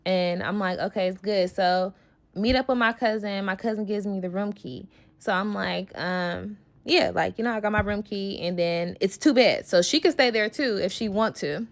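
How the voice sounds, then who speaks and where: A woman's voice: medium pitch, moderate pace. Woman telling a heated storytime. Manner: blunt, heated, heavy swearing. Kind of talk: casual storytime.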